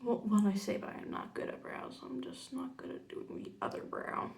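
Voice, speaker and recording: A young woman chatting casually through a makeup tutorial, rambling into side stories and muttering quietly while she works. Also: medium pitch, wildly swooping pitch, moderate pace, vocal fry, slight background noise. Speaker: makeup vlogger.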